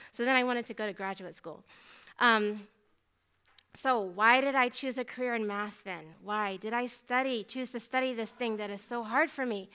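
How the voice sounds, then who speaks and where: Woman speaker telling her story, bit high, really clean smooth voice, acts out her old thoughts. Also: unhurried. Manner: earnest, animated storytelling with quoted inner thoughts. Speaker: symposium speaker. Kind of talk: personal testimony talk. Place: lecture hall.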